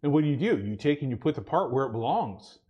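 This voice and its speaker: A male pastor delivers his sermon in a loose, conversational manner. He keeps checking in with the congregation and slips into small acted-out scenes. His voice sits at an ordinary middle pitch. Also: big pitch swings, fast talker, breathy edge, muffled recording. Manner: conversational preaching with frequent "amen?" and acted asides.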